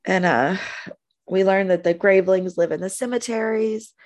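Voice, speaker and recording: A woman co-hosting a podcast, recapping a TV episode in casual chat, animated and gushing, laughing often. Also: mid-range voice, moderate pace. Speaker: podcast co-host.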